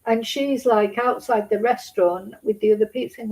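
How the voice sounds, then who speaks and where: A middle-aged woman, a Spanish teacher, telling a personal story to camera in a halting, rambling way, close to tears. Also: fairly high pitch, fairly even intonation, mellow, rough recording. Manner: halting, full of restarts and asides. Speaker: Spanish teacher and channel host.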